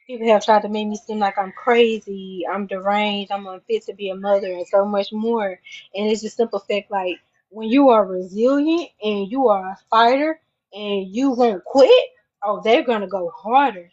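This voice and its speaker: A mother giving an impassioned spoken testimony, preacherly and repeating lines for emphasis, swinging from hushed and low to loud and high. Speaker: mother speaking out on her own channel. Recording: dull lo-fi recording.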